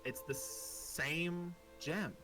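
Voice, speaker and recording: A man narrating as game master of a tabletop game, relaxed and hesitant, with many pauses and ums. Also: on the high side, over music, poor audio.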